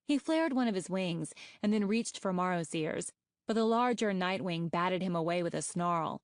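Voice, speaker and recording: Steady female audiobook narrator, close dry read. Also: fairly low pitch, normal speed, no echo. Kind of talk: scripted narration.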